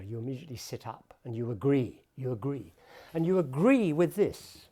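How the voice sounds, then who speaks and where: A man giving a talk at the piano about poetry and music, explaining with thoughtful pauses. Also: mid-range voice, mellow. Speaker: pianist and lecturer.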